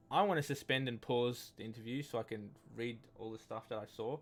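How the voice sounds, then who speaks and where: With a medium-pitched, brisk delivery, this let's play gamer chats casually through his gameplay. Reading the game's texts aloud, he wanders and hesitates, frequently starting over.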